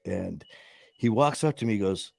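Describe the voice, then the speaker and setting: A man's voice: lowish voice, moderate pace, creaky, dry recording, studio quality. Rambling storytelling man in his fifties. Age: 50s. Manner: rambling, animated storytelling with restarts and quoted voices. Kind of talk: casual storytelling chat.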